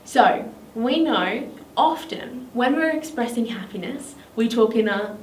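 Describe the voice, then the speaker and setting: An Australian woman leads a children's drama lesson in an encouraging, sing-song teacher voice that sits a little high, expressive and unhurried. The recording is echoey, with the mic at a distance and faint noise.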